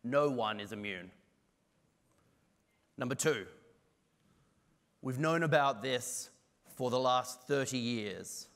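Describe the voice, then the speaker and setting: A man with an Australian accent giving a conference keynote, brisk and self-deprecating with jokes. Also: medium pitch, gravelly, a bit bright. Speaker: keynote speaker.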